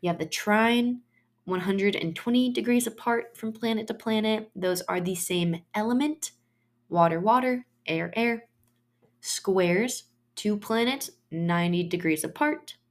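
A woman hosting her own podcast, explaining astrology in a chatty monologue and telling personal stories in loose, trailing phrases. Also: mid-range voice.

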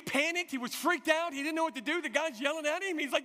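A man's voice: very high voice, fast. A man in his forties preaching a sermon, telling stories with energy and leading the congregation in call-and-response. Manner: animated storytelling with call-and-response. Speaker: pastor. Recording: long hall reverb.

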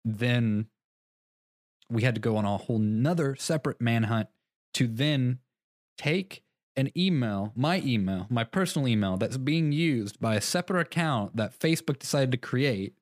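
A man's voice: medium pitch, lively intonation, normal speed, dry recording, clean studio sound. A young man co-hosting a podcast in casual chat, rambling through a story, restarting his sentences and laughing at himself. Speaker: podcast co-host.

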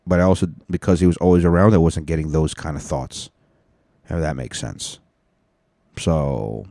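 A man's voice: very deep voice, steady tone, normal speed, gravelly, dark tone, no room sound, clean studio sound. A young man hosting a solo podcast, talking in a loose, profane, rambling way. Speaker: podcast host.

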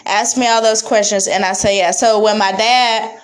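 A woman on a podcast telling a personal story in a blunt, animated, casual way, with Southern US slang. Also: medium pitch, moderate pace, rough recording. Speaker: podcast guest.

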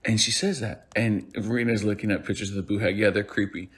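A man's voice: lowish voice, fairly even intonation, a little fast. A man hosting a podcast, telling a folk tale in a rambling, playful way. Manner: rambling, self-correcting, playful. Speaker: podcast host. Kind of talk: casual storytelling.

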